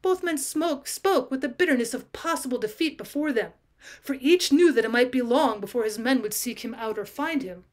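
A woman teacher reading a classic short story aloud as an audiobook, measured and storytelling. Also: a little high.

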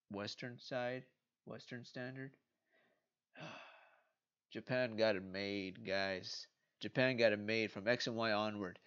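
Slow-talking sleepy man, lo-fi. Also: mid-range voice. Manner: playful, talks to himself while browsing. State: sleepy, recording late at night. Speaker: card game video host. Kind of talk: casual rambling vlog. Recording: dull lo-fi recording.

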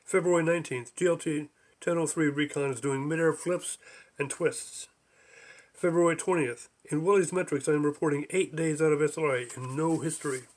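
A man's voice: a little high, steady tone, moderate pace. A man reading his own book aloud as an audiobook, dry and matter-of-fact. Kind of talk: audiobook narration.

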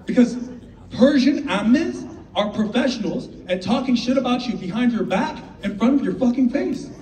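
A man doing a stand-up comedy set, animated and slipping into character voices. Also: very high-pitched, moderate pace. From United States. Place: live comedy venue with audience. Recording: roomy live sound from a distant mic, audience noise.

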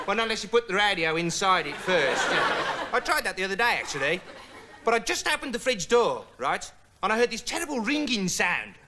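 A young man from the rambling through a dim, deadpan comic monologue, packed with "you know" and "right". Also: high-pitched. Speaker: comedy character presenter. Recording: old TV broadcast with loud hiss. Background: studio audience laughter.

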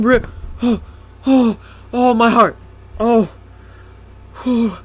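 A man's voice: very high-pitched, steady tone, very slow, long pauses, soft background music. A young man commentating a horror game, jumpy and swearing, often panicking. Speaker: gaming YouTuber.

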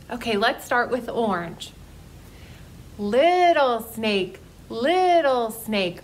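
Woman, children's librarian, toddler story time, high voice, very unhurried. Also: slight background noise. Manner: slow, bright sing-song, coaxing little listeners.

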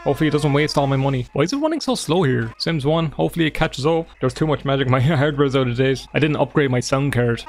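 A man's voice: mid-range voice, fast talker, hardly any pauses, faint music behind. A young Irish man giving sarcastic, sweary let's-play commentary over a game. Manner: sarcastic, sweary, deadpan asides. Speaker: gaming streamer.

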